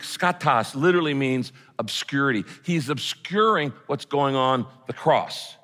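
A man preaching a sermon as pastor, earnest, swinging from loud cries to hushed quoted words. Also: on the high side. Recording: long reverb of a large hall.

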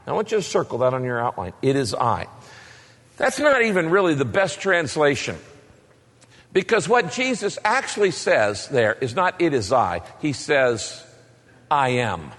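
Male pastor, fairly high lively voice, emphatic sermon delivery, long hall reverb. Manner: emphatic preaching, rhetorical questions and repetition.

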